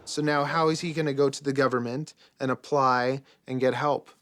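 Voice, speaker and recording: A man's voice: medium pitch, steady tone, normal speed, a bit bright. A man in a reflective interview, explaining things earnestly and often asking rhetorical questions. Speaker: barber interviewed about his life.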